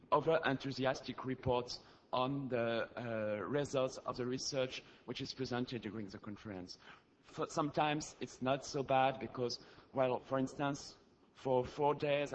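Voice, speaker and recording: Man, French accent, activist at the audience mic, earnest and halting, dull lo-fi sound, faint hiss. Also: mid-range voice. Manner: earnest, halting, grows insistent. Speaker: activist asking a question from the audience. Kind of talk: conference audience question. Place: large conference hall. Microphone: audience floor microphone.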